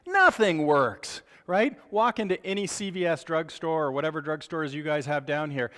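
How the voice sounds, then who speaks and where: A man giving a live medical lecture to clinicians, animated and joking, acting out parents' reactions. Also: on the high side, normal speed, long reverb tail.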